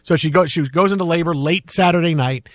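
A middle-aged man hosting a sports radio show, telling stories in a casual, animated way and acting out quotes in a high voice. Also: fairly quick, dry recording.

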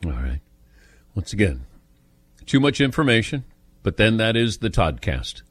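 A man hosting a sports talk radio show, speaking in a dry, wry, brisk way. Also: on the low side, big pitch swings, husky, no room sound.

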